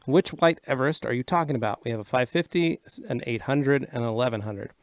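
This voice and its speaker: A man co-hosting a casual livestream Q&A, reading out viewer questions and explaining answers briskly and matter-of-factly. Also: medium pitch, no room sound.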